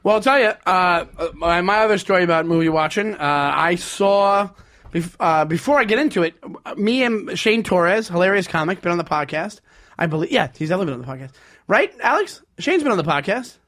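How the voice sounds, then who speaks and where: A man co-hosting a podcast in casual chat, telling stories with lively acted-out quotes. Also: sits high, brisk. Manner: animated storyteller, acts out quotes loudly. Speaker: podcast co-host.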